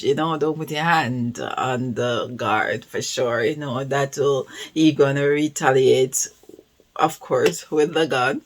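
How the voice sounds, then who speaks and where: A reaction video host from Jamaica with a Jamaican accent, talking casually and often repeating "of course". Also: mid-range voice. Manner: chatty, repeats "of course", laughs easily.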